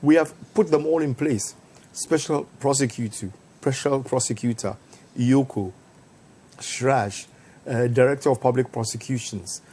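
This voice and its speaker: A man, a TV panel guest who talks in a halting way, often repeating words, with good humour. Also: mid-range voice, warm tone, breathy edge. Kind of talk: studio debate. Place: TV studio.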